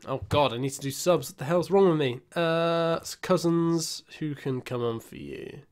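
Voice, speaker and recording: A man's voice: a little high, normal speed. Chatty man reacting to gameplay. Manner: chatty, self-mocking, swings between mumbled asides and excited outbursts. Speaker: gaming YouTuber. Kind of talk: casual gameplay commentary.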